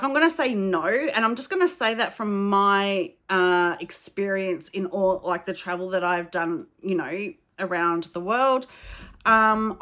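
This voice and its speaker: A woman's voice: medium pitch, a bit bright. An Australian woman telling travel stories to camera in a frank, chatty way, with swearing and many fillers. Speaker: travel vlogger. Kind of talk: casual storytelling to camera.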